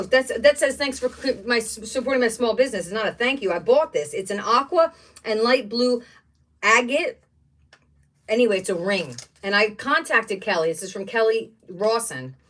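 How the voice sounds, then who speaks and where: Livestream craft host, a woman with an animated, gushing delivery, miked from a short distance. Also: mid-range voice. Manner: chatty, gushing, exclaims over each item. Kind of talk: casual livestream chat while unboxing craft supplies. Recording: voice somewhat distant from the mic.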